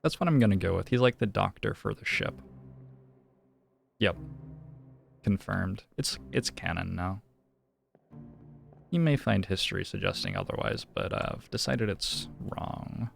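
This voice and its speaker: A man's voice: low-pitched, sing-song, measured pace, gravelly, long pauses, faint music behind. A young man streaming a detective game, musing and thinking aloud in casual commentary.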